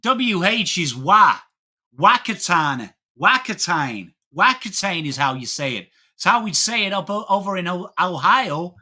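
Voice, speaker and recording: A man's voice: high-pitched, sing-song, normal speed, hardly any pauses, pushed and bright, heavily acted. An English man mimicking a pedantic tourist. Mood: indignant. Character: pedantic male American tourist, know-it-all.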